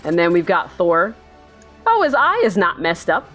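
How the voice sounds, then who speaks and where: A woman's voice: on the low side, huge pitch swings, normal speed, a bit bright, soft background music. Tired woman rambling through a reaction. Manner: rambling, giggly, meandering musings. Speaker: channel host. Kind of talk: sleepy bedtime reaction commentary.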